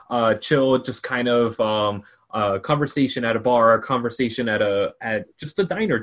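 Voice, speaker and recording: A man's voice: medium pitch, fairly bright tone. A man on a podcast as a guest, laid-back and teasing, describing his own film talk show. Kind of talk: casual chat.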